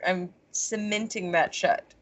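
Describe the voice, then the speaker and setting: Bright-voiced woman podcast co-host. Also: on the low side, slow. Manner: chatty, laughs easily, playful asides. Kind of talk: casual chat. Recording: dull lo-fi podcast audio.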